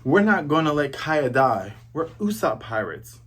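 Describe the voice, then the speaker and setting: Brave little boys from an anime, whispering their resolve while they play dead, as a man reads them. The voice stays low and hushed, with a husky grain. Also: very animated, a little slow, heavily acted. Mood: hushed determined.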